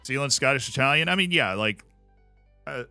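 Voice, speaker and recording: An American man chats and rambles on a live gaming stream. His voice is bright and animated, swinging up and down, recorded dry with faint game music behind. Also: medium pitch, moderate pace, no room sound. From United States. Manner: rambling, chatty, reacts aloud to the game. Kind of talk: casual live-stream chat while gaming.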